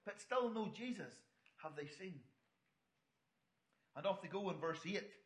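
A man's voice: high voice, expressive, measured pace, a bit bright. A middle-aged man preaching a sermon, chatty and full of asides to the congregation. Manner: conversational, storytelling asides to the congregation. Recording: echoey hall.

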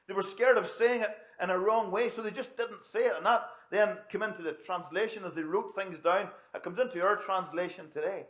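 Brief: male preacher, a bit high-pitched, easygoing sermon delivery with asides. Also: a bit bright. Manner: conversational, with asides and restarts.

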